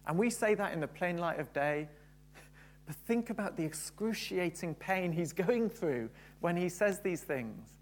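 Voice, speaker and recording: A man's voice: high-pitched, expressive, unhurried. A man preaching a sermon, building to fervent emphasis and repeating key phrases.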